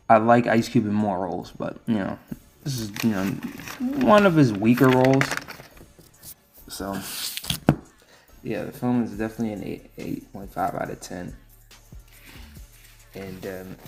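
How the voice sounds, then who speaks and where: A man's voice: on the low side, a little mellow. A young man giving a casual, rambling spoken movie review, full of restarts and offhand asides. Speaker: film reviewer.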